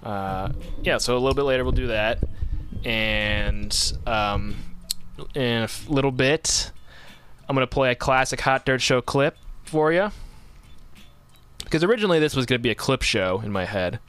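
A man's voice: mid-range voice, normal speed, a bit bright, clear, resonant tone. A man hosting a podcast, chatting casually and telling rambling stories with frequent self-corrections. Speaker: podcast host. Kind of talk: casual chat.

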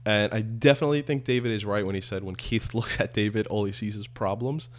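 A man's voice: on the low side, quick pace. A man co-hosting a casual podcast chat, rambling and questioning with many restarts. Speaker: podcast co-host.

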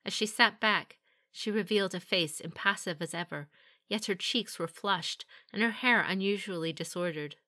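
A woman reading a fantasy novel aloud with steady, even storytelling. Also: mid-range voice, moderate pace. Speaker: audiobook narrator. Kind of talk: scripted fantasy narration.

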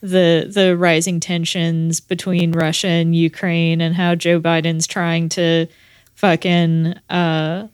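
A sardonic woman chatting on a podcast in a low, flat, smooth voice. The recording is dry and close. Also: slow pace, dry recording. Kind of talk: casual podcast chat.

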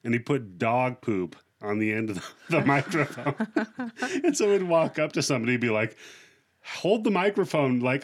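A man on a casual podcast, telling stories animatedly and acting out the people in them. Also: medium pitch. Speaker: podcast co-host. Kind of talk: casual chat.

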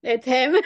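High-voiced woman reacting slowly. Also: dry recording, dull audio. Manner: brief reactions and laughter. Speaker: podcast co-host. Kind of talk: casual chat.

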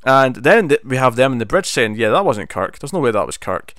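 A man's voice: medium pitch, sing-song, brisk, fairly bright tone, no room sound, studio quality. Man animatedly retelling a TV episode. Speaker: podcast co-host. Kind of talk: casual chat reviewing a TV episode.

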